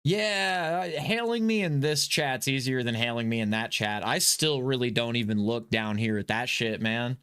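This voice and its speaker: A man's voice: medium pitch, normal speed, hardly any pauses, fairly bright tone, smooth. A man talking casually while playing a game, rambling and restarting his sentences, swearing and apologizing because he is frustrated and agitated. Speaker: gaming streamer. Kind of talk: casual live gameplay commentary.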